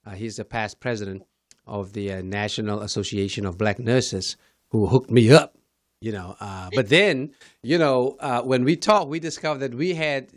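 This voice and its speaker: A man's voice: mid-range voice, no echo, studio quality. A man who is a pastor and talk show host, speaking in a rambling, effusive way while interviewing a guest. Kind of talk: interview conversation.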